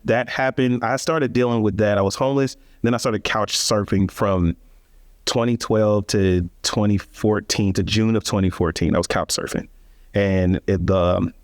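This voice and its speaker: A man's voice: low voice, no room sound, clean studio sound. A man telling his life story as a guest in an interview, earnest and reflective, with frequent restarts and emphatic rises.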